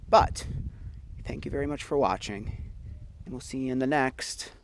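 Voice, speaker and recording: A man's voice: medium pitch, normal speed, vocal fry, slight background noise. A man hosting a ghost hunting vlog, talking casually and with wry jokes on location at an outdoor grave site. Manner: wry, joking, offhand.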